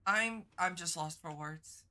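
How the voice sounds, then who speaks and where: A woman streamer in casual live-stream chat, teary and congested from crying, halting and stumbling over her words. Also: fairly low pitch, pushed and bright.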